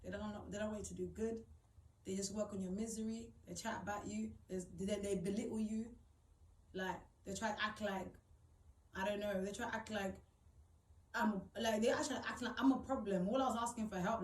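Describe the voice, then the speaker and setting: A woman's voice: mid-range voice, steady tone, fairly quick, echoey room, distant mic, a little hiss or hum, poor audio. Indignant young woman. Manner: blunt, swearing, rising to indignant outbursts. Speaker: vlogger. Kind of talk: emotional personal storytelling to camera.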